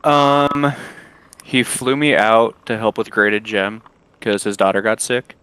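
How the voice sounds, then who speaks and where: Podcast guest, a man with a low, dry voice who rambles easily. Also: slow, fairly bright tone, clean tone, no echo, low-quality recording. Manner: rambling, full of "like" and "I don't know". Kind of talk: casual chat on a live podcast.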